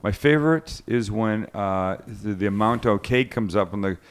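A man's voice: lowish voice, moderate pace. Joking, rambling male cooking host. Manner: rambling, joking, self-interrupting. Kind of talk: casual chat on a live podcast.

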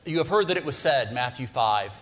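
A man's voice: medium pitch, expressive, a little fast, fairly bright tone. Conversational male preacher, reverberant hall. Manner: conversational, asks the congregation questions. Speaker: pastor. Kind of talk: sermon. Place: church sanctuary.

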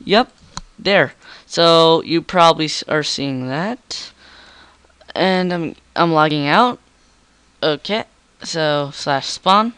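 A man's voice: fairly high pitch, takes it slowly, long pauses, bright, forceful tone, smooth, dry recording. A teenage boy doing goofy, rambling commentary over his game, with a frog in his throat. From Canada. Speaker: gamer. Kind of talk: gameplay commentary.

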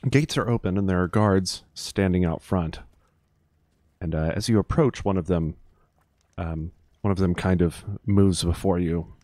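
A man narrating a tabletop game as game master, pausing often with fillers. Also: deep voice, fairly even intonation, a little mellow, dry recording, studio quality. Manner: hesitant, many fillers.

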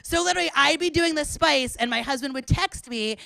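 A woman in her thirties hosting a live club show, loud and excitable, often laughing and chatting with the crowd. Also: high voice, a little fast, vocal fry, dry recording. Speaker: comedian host. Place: small club, indoors.

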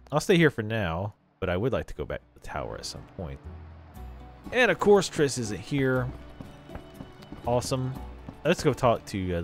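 A man casually commentating on a role-playing game he is playing, joking, swearing and putting on silly voices. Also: mid-range voice. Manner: jokey, profane, puts on silly voices. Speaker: let's play host.

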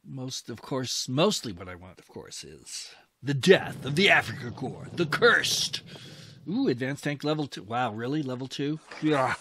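Slow, bright-voiced man playing a war game. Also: medium pitch, slight background noise. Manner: thinks aloud, excitable exclamations, old-fashioned mild oaths. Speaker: gaming host. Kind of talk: casual strategy game commentary.

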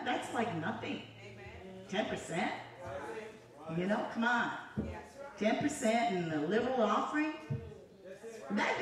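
A woman evangelist giving a conversational sermon full of testimony, with call-and-response asides to the congregation. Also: a little high. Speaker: evangelist preacher. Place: church sanctuary. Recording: echoey church filmed from far off. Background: congregation audible.

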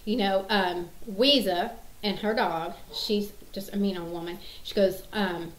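A woman's voice: medium pitch, steady tone, measured pace, hardly any pauses, reverberant, low-quality recording. A woman in her thirties chatting casually to camera, rambling with many fillers and restarts. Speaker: mom sharing favorite movie quotes.

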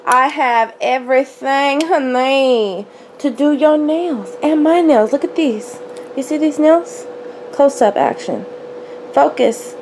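A young woman, hoarse from a cold, chatting sassily to her phone camera and calling her viewers honey. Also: high-pitched, slow pace, a little mellow, a little hiss or hum. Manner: sassy, playful, addresses viewers as honey and y'all. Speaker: jewelry vlogger. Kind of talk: casual chat to camera. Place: small room at home. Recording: echoey room with faint ambience.

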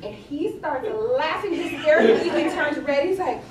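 A woman's voice: high voice, moderate pace. A middle-aged woman, a personal chef from Cleveland, chatting and telling funny stories to a library audience. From Cleveland, Ohio. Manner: chatty, animated, laughing storyteller. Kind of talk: storytelling at a live event. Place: library event room with audience. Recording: echoey room, distant mic, crowd.

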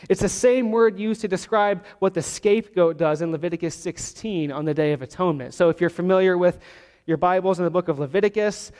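A man preaching a sermon as pastor, teaching verse by verse and slowing down to stress key words. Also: sits high, a little mellow. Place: church sanctuary. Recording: long hall reverb.

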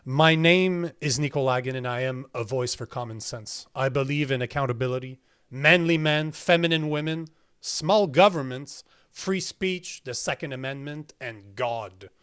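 A man's voice: mid-range voice, moderate pace, a bit bright, clear, resonant tone. A man with a French accent hosting his podcast, blunt and emphatic and swearing casually. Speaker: podcast host. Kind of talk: casual interview talk.

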